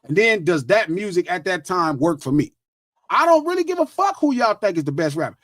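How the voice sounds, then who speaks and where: A high-pitched man in his middle years, arguing his case with a lively, swooping voice and plenty of swearing. The sound is dry and close, with no room around it. He presses his point again and again in a heated podcast talk. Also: brisk, dry recording. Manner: emphatic, profane, insistent. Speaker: podcast host. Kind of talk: heated casual debate.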